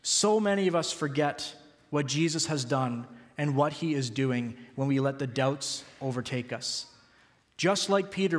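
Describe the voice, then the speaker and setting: Pastor, male, earnest sermon with emphatic bursts, reverberant hall. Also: fairly high pitch. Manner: earnest, rising to emphatic peaks.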